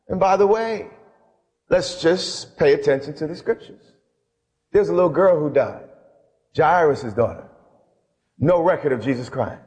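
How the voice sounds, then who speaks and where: A male pastor with a fairly high voice, preaching with dramatic pauses and sudden bursts of speed. His sermon rings through a church sanctuary with a long hall reverb. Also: expressive, a little mellow.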